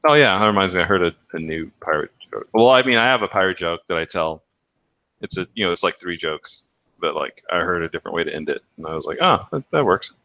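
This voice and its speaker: A man's voice: sits low, lively intonation, fast, pushed and bright, no echo, muffled recording. A man co-hosting a podcast, chatting casually, rambling and swearing, laughing at his own jokes. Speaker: podcast co-host. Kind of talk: casual banter.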